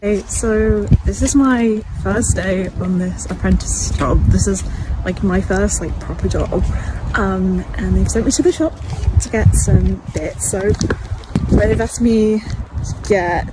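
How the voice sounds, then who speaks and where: A woman's voice: medium pitch, slow pace, very noisy. A young woman telling a story in a casual, rambling vlog, talking from a car and filling her speech with "like". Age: young adult. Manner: rambling, many "like" fillers.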